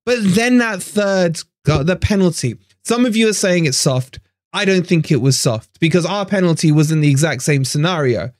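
Fan stream host, man, annoyed and sweary, higher voice, dry close mic. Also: lively intonation, normal speed, no echo. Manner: frustrated, swearing, repeats himself. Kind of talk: live stream rant.

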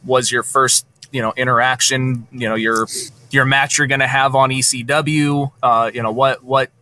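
A man hosting a podcast, asking halting questions with many fillers. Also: medium pitch, level tone, bright, forceful tone, slight background noise. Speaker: podcast host. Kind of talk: interview questions.

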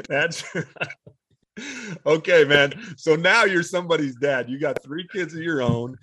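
A man conducting a relaxed conversational interview, prompting his guest with questions. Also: a little high, slow pace, no echo.

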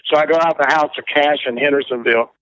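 A man tells long, rambling stories in a relaxed interview, now and then slipping into the voices of the people in them. His voice sits a little high for a man. The sound is close and dry, slightly muffled. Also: fast, no room sound. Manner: rambling anecdotal storyteller, acts out quoted voices. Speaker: guest musician. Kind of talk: casual storytelling interview.

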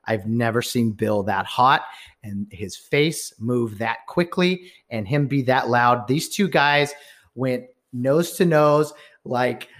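A man, a baseball umpire and podcast co-host, asking his partner questions in an animated, often laughing, casual chat. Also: medium pitch, takes it slowly.

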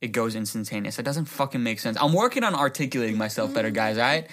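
A man's voice: mid-range voice, expressive, fast talker, fairly bright tone, slight background noise. A young man, a podcast guest, chatting casually in a rambling way, full of fillers and swearing. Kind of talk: casual chat.

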